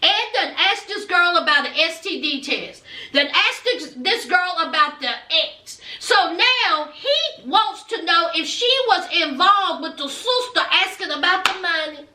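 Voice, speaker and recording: High, bright, sassy woman recapping TV. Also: a little slow, recorded from a distance, a little hiss or hum. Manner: animated, sassy, laughs often, calls viewers honey. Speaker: reality TV recap vlogger. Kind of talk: casual gossipy commentary. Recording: echoey room, off mic.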